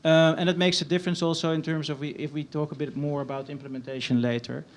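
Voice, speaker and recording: A man from the Netherlands, speaking on a panel in a polite, modest and measured way with light humor. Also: fairly high pitch, flat delivery. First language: Dutch. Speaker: pension fund panelist. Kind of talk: panel talk.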